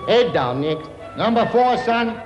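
A man's voice: sits high, lively intonation, measured pace, echoey room, muffled recording, music in the background. A man playing a dutiful royal attendant who calls out names formally in a sitcom. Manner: formal announcing. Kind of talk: sitcom acting.

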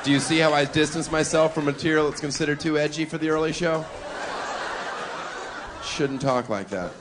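A man's voice: a little high, moderate pace. A man performing a stand-up comedy set on a club stage, brash and provocative, mocking his audience. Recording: live club with crowd laughter and noise.

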